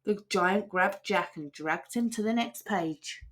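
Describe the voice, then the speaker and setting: A woman reading a children's picture book aloud, with expressive narration. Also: mid-range voice, a little slow. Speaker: storybook reader.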